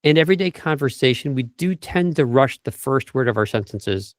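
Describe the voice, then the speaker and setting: A man's voice: medium pitch, lively intonation, a little fast, dry recording, clean studio sound. A man working as a vocal coach, explaining tips step by step in an interview over a video call and briefly demonstrating speech habits.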